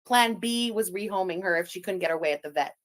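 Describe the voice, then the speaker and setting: A woman's voice: medium pitch, quick pace. Profane mocking woman streamer, French native. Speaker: streamer commentator. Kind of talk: reaction livestream rant.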